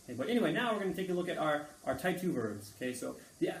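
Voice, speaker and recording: A man teaching a casual language lesson, relaxed and full of fillers, repeating words slowly for learners. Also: fairly high pitch, creaky, slight background noise. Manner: frequent fillers like okay and uh. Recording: echoey room, mic at a distance.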